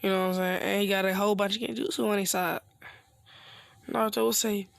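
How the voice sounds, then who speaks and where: A man's voice: high voice, steady tone, fast talker, gravelly, fairly bright tone, no echo. A man casually improvising a fan-fiction story, rambling with slang asides.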